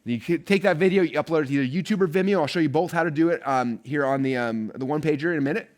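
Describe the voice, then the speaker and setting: A man's voice: on the high side, racing, a little mellow. A man coaching an online marketing course live, talking energetically and chattily and checking in with listeners with "right?" and "okay?".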